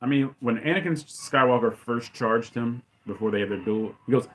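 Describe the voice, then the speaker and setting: A man giving opinionated, ranting fan commentary as a channel host, with loud outbursts. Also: medium pitch, normal speed. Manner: ranting, exclaims loudly.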